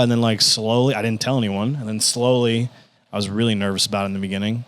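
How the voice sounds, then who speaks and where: Medium in pitch and fast in delivery, this guest comedian swaps stories on a podcast. He animatedly plays the characters he quotes and doesn't hold back on the cursing.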